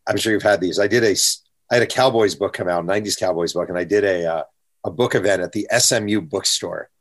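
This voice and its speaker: A man's voice: low-pitched, quick pace. A man hosting a podcast interview, talking casually with short questions and his own stories. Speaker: podcast host.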